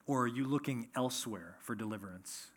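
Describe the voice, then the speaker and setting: A man's voice: mid-range voice, fairly quick, a bit bright. A man preaching an expository sermon, reading scripture aloud and then explaining it verse by verse. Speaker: pastor.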